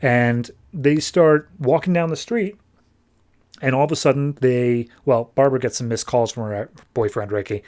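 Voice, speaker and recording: A man in a mid-range voice retelling a comic book plot casually. His delivery is breezy, with frequent "like"s and quick restarts. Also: mid-range voice, a little mellow. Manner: breezy, filler-laden retelling. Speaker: podcast host.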